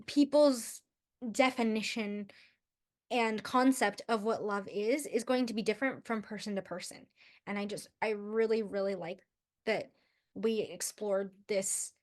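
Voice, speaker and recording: A young woman hosting a book vlog, chatting casually and gushing over favorite quotes, often restarting her sentences. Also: mid-range voice. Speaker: book vlogger. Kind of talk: casual book review chat.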